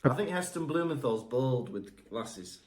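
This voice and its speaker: A man's voice: mid-range voice, expressive, measured pace. A man co-hosting a podcast, chatting cheerfully, throwing in teasing suggestions, and reading the show's outro. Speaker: podcast co-host. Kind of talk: casual chat and show outro.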